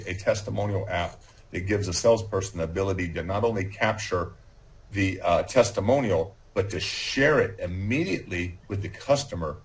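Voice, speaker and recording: A man as a podcast guest, talking confidently with frequent restarts and repeated words. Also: low voice. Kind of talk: casual podcast chat.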